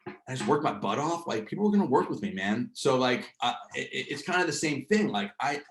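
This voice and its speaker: Casual trainer, man, New Jersey accent, slangy and loose, mid-pitched voice in an echoey room. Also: big pitch swings, a little fast, fairly bright tone. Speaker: host leading a real estate training session. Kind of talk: casual coaching talk.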